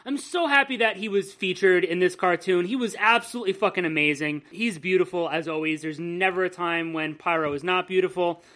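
A man's voice: high-pitched, a little fast, few pauses, pushed and bright. A man rambles through a casual podcast chat with plenty of enthusiasm and cursing. His delivery is loose, full of restarts and asides. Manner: rambling, enthusiastic, swears freely. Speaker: podcast co-host.

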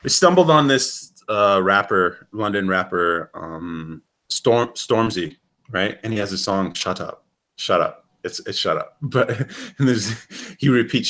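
A man from the United States chatting casually as a co-host, rambling and animated, swearing freely and laughing often. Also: on the low side, measured pace. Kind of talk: casual chat.

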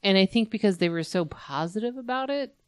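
A young woman co-hosting a casual podcast chat, relaxed and quick with agreeing "yeah"s. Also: mid-range voice, clean tone, dry recording, studio quality. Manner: relaxed, frequent "yeah" backchannels. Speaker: podcast co-host.

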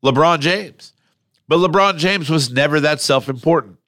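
Bright-voiced blunt male podcast host. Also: a little high, moderate pace, no echo, clean studio sound. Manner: animated, blunt, swears and laughs. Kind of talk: casual chat.

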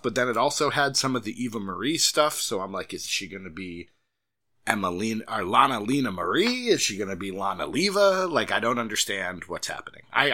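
Lively, bright-voiced man chatting casually. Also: lowish voice. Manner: rambling, self-deprecating. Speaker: podcast co-host. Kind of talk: casual chat.

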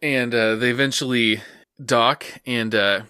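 A man summarizing anime plot points in casual chat, calmly and with many fillers. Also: mid-range voice, unhurried, clear, resonant tone, no echo, clean studio sound. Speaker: podcast co-host recapping an anime episode.

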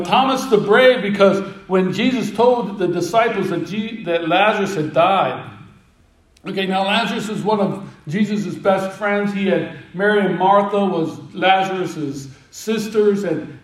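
A man preaching a sermon, retelling scripture as a lively story and acting out the disciples' lines with humor. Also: sits high, a little slow, reverberant, far from the mic, rough recording. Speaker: pastor.

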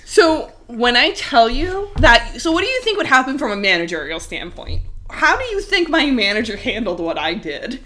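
A woman co-hosting a casual podcast, telling stories in an animated way, laughing often and using lots of fillers. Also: fairly high pitch, normal speed, hardly any pauses. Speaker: podcast co-host. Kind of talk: casual chat.

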